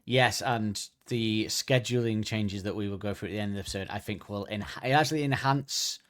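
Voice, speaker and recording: A man's voice: fairly low pitch, fairly quick, fairly bright tone. A man hosting a podcast in casual chat, rambling and joking, often breaking off mid-sentence. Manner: rambling, self-interrupting, jokey. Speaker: podcast host.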